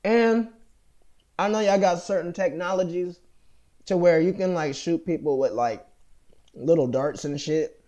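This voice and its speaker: Rambling, profane American man, slightly high. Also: unhurried, long pauses, dark tone, dull audio. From United States. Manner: profane, rambling, heavy with fillers and restarts. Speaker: vlogger. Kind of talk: rambling monologue to camera.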